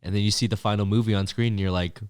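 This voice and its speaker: A man's voice: lowish voice, fairly even intonation, crowd noise. A man hosting a podcast in casual chat, mostly giving short agreeing replies. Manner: brief agreeing backchannels, quick easygoing talk. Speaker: podcast host.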